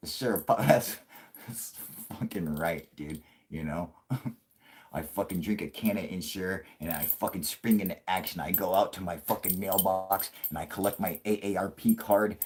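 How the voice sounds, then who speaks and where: With a low voice and measured pace, a man in his late thirties hosts a live stream. He rambles casually, swearing constantly and laughing often, and does a shouting grumpy-old-man impression for laughs.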